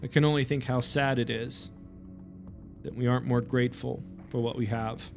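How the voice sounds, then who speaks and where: A man's voice: mid-range voice, steady tone, normal speed, gravelly, music in the background, natural voice. A man voicing a pious, sanctimonious male preacher figure delivering a solemn, preachy eulogy in a tabletop game. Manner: solemn, preachy, passive-aggressive.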